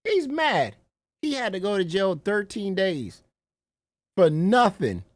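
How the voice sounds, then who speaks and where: A man's voice: sits high, sing-song, takes it slowly, no room sound. A man, a reaction streamer who mocks and swears freely, often calling people "bro". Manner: incredulous, mocking, swears freely, repeats "bro". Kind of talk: profane reaction commentary.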